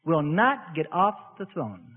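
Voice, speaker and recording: A man's voice: on the high side, very animated, takes it slowly, breathy edge. A man preaching a sermon in a folksy way, illustrating his points with everyday stories, heard on a lo-fi radio broadcast in an echoey hall.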